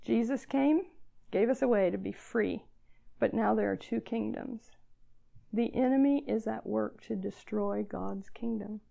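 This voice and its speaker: Older woman preaching, gravelly warm voice. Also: medium pitch, unhurried. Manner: earnest, self-deprecating, emotional at times. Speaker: speaker addressing girls at church gathering. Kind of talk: sermon.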